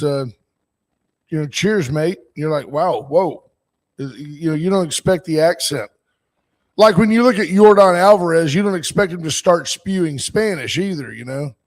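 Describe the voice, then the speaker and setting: A man in his sixties hosting a call-in talk show, rambling and opinionated, reading out listener comments as he goes. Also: fairly high pitch. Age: 60s. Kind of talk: casual political call-in talk.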